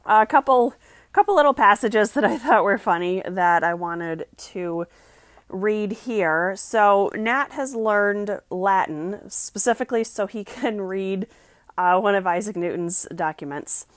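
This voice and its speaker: A woman's voice: mid-range voice, measured pace, dry recording. A woman giving a casual, chatty book review and reading passages aloud.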